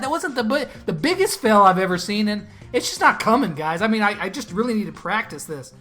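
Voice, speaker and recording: A man's voice: high-pitched, lively intonation, fairly quick, few pauses, fairly bright tone, soft background music. Upbeat joking man hosting a gaming Q&A. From California. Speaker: gaming YouTuber. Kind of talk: casual Q&A vlog with gameplay commentary.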